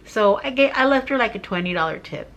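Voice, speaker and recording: A woman's voice: fairly high pitch, lively intonation, fast, a bit bright, muffled recording. A middle-aged woman vlogger telling a heartfelt personal story to her viewers, tearful and rambling with fillers.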